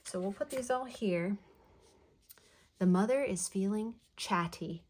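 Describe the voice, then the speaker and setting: Gentle woman giving a tarot reading. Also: mid-range voice, unhurried, a little hiss or hum. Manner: soft, flowing, affirming, repeats phrases. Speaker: tarot reader. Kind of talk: channeled tarot card reading.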